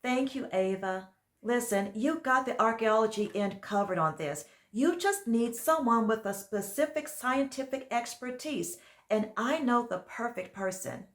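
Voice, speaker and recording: Brisk, reassuring friend on the phone, voiced by a woman reading a storybook. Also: on the high side, expressive, roomy sound. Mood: upbeat.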